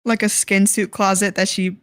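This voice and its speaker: A woman's voice: medium pitch, level tone, moderate pace, no echo, clean studio sound. Frank, laughing woman streamer. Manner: frank, laughs often, swears freely. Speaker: streamer reacting to a video. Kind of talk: casual reaction chat.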